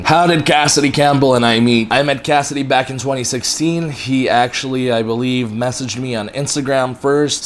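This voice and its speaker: A man's voice: medium pitch, a little hiss or hum. A young man hosting his own channel, chatting casually through a fan Q&A and swearing now and then. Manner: relaxed, talkative, casually profane. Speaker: prank channel host. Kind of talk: casual Q&A vlog.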